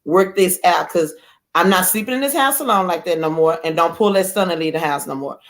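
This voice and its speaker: A woman guest telling a lively personal story in casual chat, acting out quoted lines. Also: fairly low pitch, brisk. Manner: animated, acts out quoted voices. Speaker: guest author.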